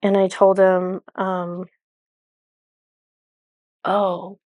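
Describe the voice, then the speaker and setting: Woman, casual rambling storyteller, mid pitch, dry close mic. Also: flat delivery, extremely slow, darkish tone, no echo. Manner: chatty and rambling, full of "like" and self-corrections. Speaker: spiritual channeler telling a personal story.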